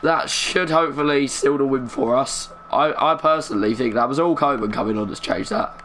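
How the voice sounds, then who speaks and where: A young man giving live commentary while playing a football video game, keeping his voice down, chatty and muttering with bursts of excitement. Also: medium pitch, brisk, slight background noise. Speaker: gaming streamer.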